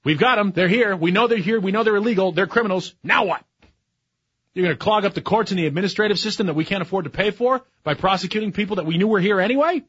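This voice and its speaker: A man's voice: sits high, fast talker, a bit bright, breathy edge, no echo, lo-fi sound. A man in his forties, a talk radio host, speaking in a sarcastic, opinionated monologue that builds to heated emphasis. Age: 40s. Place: radio studio.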